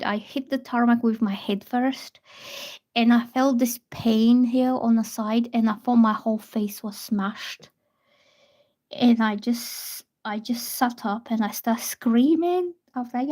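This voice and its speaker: Soft, slow-talking woman chatting live. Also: on the high side. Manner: soft, chatty storytelling with hesitant restarts. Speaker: tarot reader on a livestream. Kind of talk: casual livestream chat.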